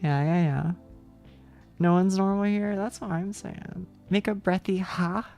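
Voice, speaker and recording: A woman's voice: mid-range voice, level tone, normal speed, darkish tone, soft background music. A young woman streaming, chatting casually with viewers, rambling and swearing with frequent laughs.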